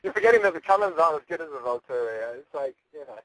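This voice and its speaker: A man's voice: fairly high pitch, expressive, fast talker, a crowd in the background, low-quality recording. A man talking casually as an interview guest, rambling and joking, with frequent restarts and laughs. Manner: rambling, jokey, stammers and restarts. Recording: radio call-in.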